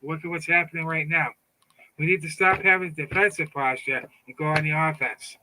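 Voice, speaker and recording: A man's voice: a little high, fairly even intonation, brisk, sharp tone, poor audio. A middle-aged man giving a fired-up, taunting political monologue, often stumbling and repeating words. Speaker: political commentator. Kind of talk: casual monologue.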